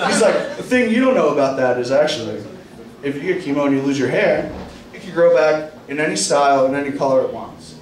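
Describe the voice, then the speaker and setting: A man's voice: on the high side, animated, quick pace, crowd noise. A man doing a stand-up comedy set in a club bar, telling crude stories and acting out what people said. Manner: profane storytelling, acting out quoted lines. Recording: echoey room, distant mic, club noise.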